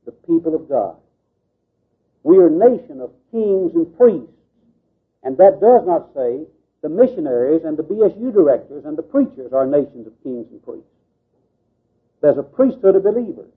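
A man giving an earnest, preacherly talk to a group, with folksy asides. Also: on the high side. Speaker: Baptist missions speaker. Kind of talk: lecture to a group. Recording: tinny phone-like old tape recording.

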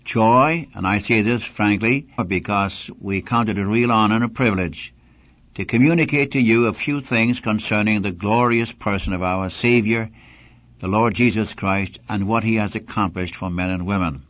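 A man's voice: fairly low pitch, moderate pace, fairly bright tone, no room sound. A man teaching a sermon-style Bible lesson in an earnest, emphatic way, speaking directly to the listener. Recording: dull dry old broadcast recording.

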